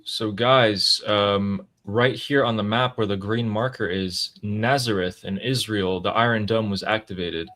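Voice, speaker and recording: A man's voice: lowish voice, fairly even intonation, unhurried, few pauses, a bit bright. A man hosting a live news analysis stream, explaining breaking events in a matter-of-fact way. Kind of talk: casual live news commentary.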